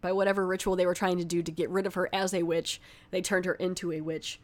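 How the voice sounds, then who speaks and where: A woman's voice: fairly low pitch, flat delivery, quick pace. A woman casually retelling a horror film's plot as a movie reviewer, rambling and filling with "like" as she goes. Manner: rambling, filler-heavy storytelling with frequent "like". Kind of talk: casual spoken film recap.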